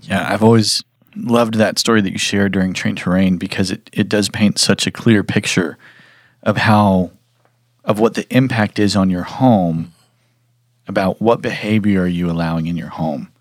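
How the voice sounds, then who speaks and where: Male host, very low voice, measured questions, dry close mic. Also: fairly even intonation, no room sound. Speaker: podcast host. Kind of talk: interview questions.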